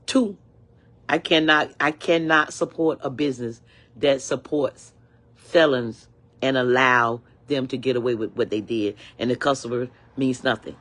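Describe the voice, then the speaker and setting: A woman's voice: a bass voice, fairly even intonation, unhurried, fairly bright tone. An older woman ranting angrily in a vlog, repeating herself with indignant, preachy emphasis. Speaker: vlogger. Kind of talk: angry complaint rant.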